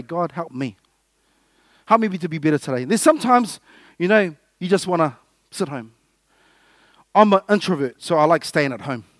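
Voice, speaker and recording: High-voiced lively male preacher, dry sound. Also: no echo. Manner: lively, jokey, acts out little scenes. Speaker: pastor. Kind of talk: sermon.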